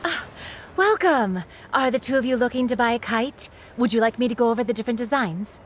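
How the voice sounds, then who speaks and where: A woman's voice: fairly high pitch, a little fast, background noise, natural voice. A woman voicing a friendly, welcoming kite shop seller in a video game. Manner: welcoming sales patter.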